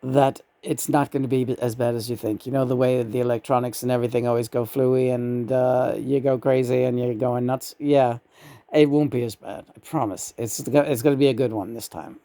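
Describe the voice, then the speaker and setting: A man's voice: mid-range voice, steady tone, fairly quick, warm tone, dry recording. A man talking in a loose, rambling way during a spirit channeling session from an apartment, cursing casually and dropping names.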